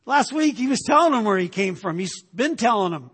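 A man's voice: high-pitched, big pitch swings, fairly quick, fairly bright tone, slightly rough, in a large hall. A male pastor preaching a sermon, emphatic, often tagging his points with "right?".

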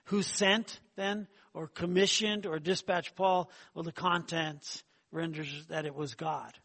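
A middle-aged man preaches a sermon in a high-pitched voice. His delivery is conversational and loose, with fillers and restarted phrases, and it swells into louder emphasis at key points. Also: fairly even intonation, a little slow, gravelly, slightly rough. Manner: conversational, fillers and repeated words, rising emphasis.

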